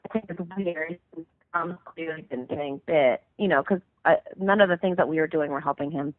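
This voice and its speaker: A musician guest in her thirties rambles through a long story over the phone, packing it with "like" and other fillers. Her low-pitched voice is brisk, and the tinny phone line sounds dry, with no echo.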